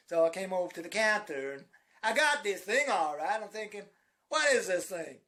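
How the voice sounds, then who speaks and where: A man's voice: high voice, expressive, fairly quick, bright, forceful tone. A man rambling through a comic story in an exasperated way, acting out the other voices himself. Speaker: comedic storyteller playing Zach. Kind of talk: comic monologue retelling a story.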